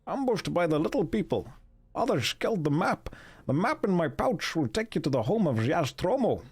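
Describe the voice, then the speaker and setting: A delirious old dwarf on his deathbed, gruff and rasping out his pleas in a Sean Connery style accent, as a man puts him on while reading aloud. The voice climbs well above a normal man's register and wavers between weak pleading and sudden strained outbursts. It sounds like a storybook character being played for laughs. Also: very high-pitched, unhurried, voice pushed up.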